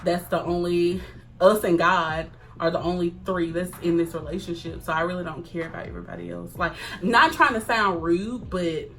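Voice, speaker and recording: Bright-voiced young woman telling a story. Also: on the low side, moderate pace, vocal fry. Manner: animated, acts out quotes, laughs often. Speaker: vlogger. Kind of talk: casual storytime chat.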